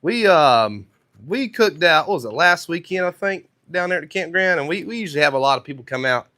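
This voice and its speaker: A man's voice: on the high side, expressive, fairly quick, sharp tone. Man with a thick North Carolina accent. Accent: thick North Carolina Southern. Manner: chatty, reads viewer comments aloud and answers them. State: sore throat. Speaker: woodworking live streamer. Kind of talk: casual live-stream chat while working.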